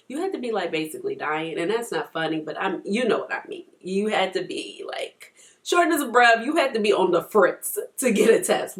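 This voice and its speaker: Beauty vlogger, thirties, female, slightly low voice, talks in loose rambling stories while applying makeup. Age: 30s. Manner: chatty, rambling storyteller. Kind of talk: casual chat while doing makeup.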